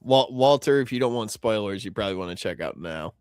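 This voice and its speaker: A man's voice: on the low side, expressive, fairly quick, smooth, dry recording, clean studio sound. A man co-hosting a podcast in casual crude banter, joking and laughing often. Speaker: podcast co-host.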